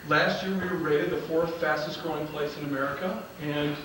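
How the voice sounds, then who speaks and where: A man gives a motivational talk from an auditorium stage, telling comic stories and acting out the other people's lines. His voice sits a little high, and it reaches the mic from a distance. The hall's strong echo and loud room noise surround every word. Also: steady tone, brisk. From Illinois. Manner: comic storytelling, acts out dialogue, laughs at his own jokes. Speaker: motivational speaker. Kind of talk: storytelling speech to a live audience. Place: large auditorium.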